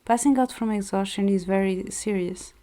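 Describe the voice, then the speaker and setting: Warm-voiced woman reading a game aloud. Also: mid-range voice, moderate pace. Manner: expressive narration with chatty asides. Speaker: streamer. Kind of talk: reading a visual novel aloud. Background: soft background music.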